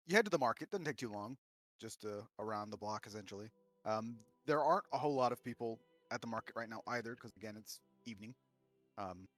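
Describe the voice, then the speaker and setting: A man's voice: medium pitch, fairly bright tone. A man narrating a tabletop game as game master, rambling with many fillers and restarts.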